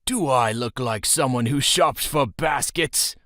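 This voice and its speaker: A man playing a gruff male city guard who talks with scorn and mockery. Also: mid-range voice, measured pace, pushed and bright, no echo, studio quality, pitched above the performer's own voice. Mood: sneering. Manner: sneering, scornful.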